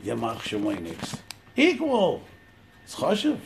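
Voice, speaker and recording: Animated, gravelly man teaching scripture. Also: medium pitch, a little slow, slight background noise. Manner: animated, storytelling, acting out quotes. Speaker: Torah teacher. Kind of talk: informal religious lecture.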